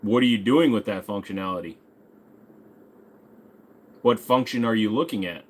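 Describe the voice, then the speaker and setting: A man's voice: fairly low pitch, moderate pace. A man in his forties hosting a casual livestream, reading out viewer questions and joking back in a laid-back way with some swearing. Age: 40s. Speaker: host.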